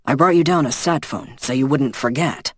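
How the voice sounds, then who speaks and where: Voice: mid-range voice, normal speed, fairly bright tone, slight background noise, close to an everyday voice. An audiobook narrator voicing a wary male friend who talks in a matter-of-fact, grumbling way.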